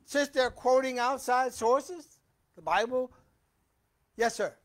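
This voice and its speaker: High-voiced man preaching in church. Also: takes it slowly. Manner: reads scripture aloud with emphasis, then talks loosely to the congregation. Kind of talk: Bible teaching sermon. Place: church hall.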